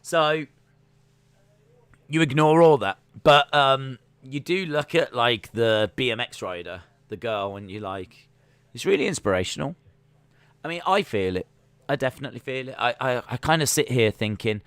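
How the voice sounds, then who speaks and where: A man's voice: mid-range voice, animated, moderate pace, fairly bright tone, dry recording. A man hosting a casual watch-along livestream, rambling and full of "like" and restarts. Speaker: livestream host.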